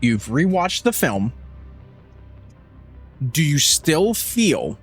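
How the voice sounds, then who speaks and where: Animated, cursing man podcast co-host. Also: a little high, very slow, husky, soft background music. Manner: animated, profane, mimics film characters mid-rant. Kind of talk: casual podcast chat.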